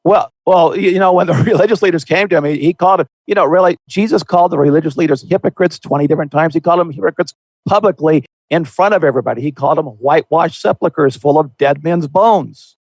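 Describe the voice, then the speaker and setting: A man's voice: fairly high pitch, fast talker, dry recording. Earnest man in a dry studio. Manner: earnest, folksy explaining with restarts. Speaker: podcast host. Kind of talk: conversational Christian podcast discussion.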